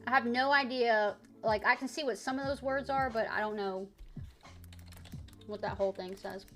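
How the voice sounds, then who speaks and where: A woman streamer chatting casually and playfully, swearing freely and sounding out French words slowly. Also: on the high side, fairly bright tone, soft background music. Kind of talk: casual live-stream chat.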